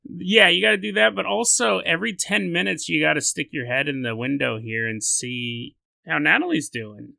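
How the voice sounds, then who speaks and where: Animated guy on a podcast, bright gravelly voice, cracks himself up, dry close mic. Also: a little high, moderate pace, no echo. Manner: animated, jokey, laughing often, acts out voices. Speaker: podcast host. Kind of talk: comedic storytelling.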